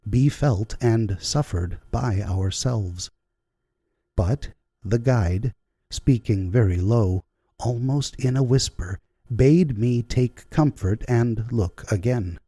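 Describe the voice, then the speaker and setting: A man reading a first-person memoir as scripted audiobook narration, measured and unhurried. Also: on the low side, mellow, slightly rough, no room sound. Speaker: audiobook reader.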